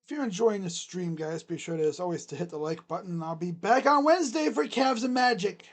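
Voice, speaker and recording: High-voiced excitable play-by-play man. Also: fairly quick. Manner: excitable calls that drop to mumbled asides. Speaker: streamer doing live play-by-play. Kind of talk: casual live play-by-play commentary.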